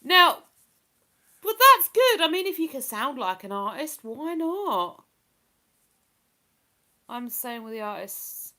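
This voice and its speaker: A woman's voice: high-pitched, very animated, slow, long pauses, pushed and bright. A woman chatting casually on a live stream, rambling and laughing as she reads out messages from her viewers. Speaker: live streamer reading chat.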